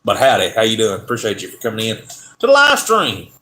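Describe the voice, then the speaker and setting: A man's voice: lowish voice, wildly swooping pitch, fast talker, bright, forceful tone. A man with a Southern US accent hosting a casual car livestream, rambling and trailing off mid-sentence. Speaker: car channel livestream host. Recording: echoey room.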